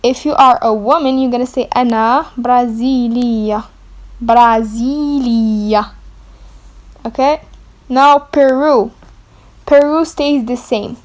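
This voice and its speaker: A woman gives a beginner language lesson at an unhurried pace. Her voice sits a little high, and she repeats each new word slowly and clearly so learners can copy it. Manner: slow, careful, repeats words for learners to copy; writes on a board while explaining. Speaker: language teacher.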